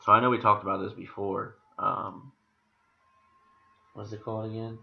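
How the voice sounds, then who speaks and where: A man's voice: lowish voice, flat delivery, normal speed, creaky. A man co-hosting a casual comedy podcast, talking loosely with lots of fillers and laughs. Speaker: podcast co-host. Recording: dull lo-fi podcast audio.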